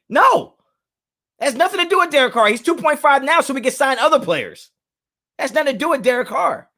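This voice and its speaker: A man's voice: very high-pitched, a bit bright. A young man hosting a live sports fan talk, arguing heatedly with chat and repeating himself to press a point. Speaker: sports talk show host.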